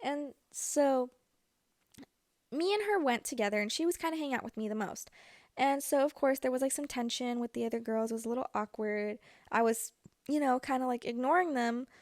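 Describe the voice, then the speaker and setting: A young woman hosts a podcast, chatting animatedly through a personal story with lots of fillers. Her voice is high and fairly quick, captured as clean studio sound with no room echo.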